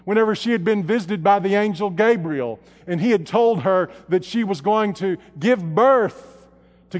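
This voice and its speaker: A man preaching a sermon in a church, building to loud, shouted emphasis and then dropping to hushed, low tones. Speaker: pastor. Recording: long hall reverb.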